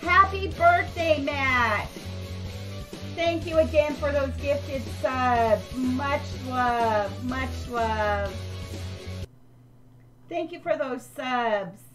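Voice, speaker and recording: High-voiced older woman streamer, unhurried. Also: faint music behind. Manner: chatty, thanks viewers warmly by name. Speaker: game streamer. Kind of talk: live stream chat with viewers.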